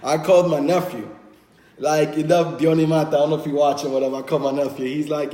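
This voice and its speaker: Animated man talking in an echoey room. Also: fairly high pitch, normal speed. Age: 30s. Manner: animated storytelling, acts out friends' voices. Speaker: podcast host. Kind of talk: casual chat. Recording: echoey room with long reverb.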